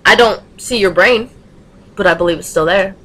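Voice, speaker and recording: A woman's voice: mid-range voice, moderate pace, fairly bright tone, low-quality recording. A young woman vlogger talking straight into her webcam, with emphatic, passionate delivery full of rhetorical questions. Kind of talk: casual webcam rant.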